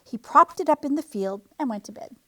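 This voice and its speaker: Storytime reader, woman, expressive read-aloud, lively up and down voice. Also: high-pitched, fairly quick. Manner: expressive, animated. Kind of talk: reading a picture book aloud.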